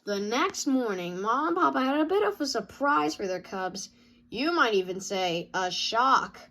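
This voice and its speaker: A woman reading a children's picture book aloud in an expressive way. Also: on the high side, unhurried. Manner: expressive, sound-effect dings between pages. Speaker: storybook reader.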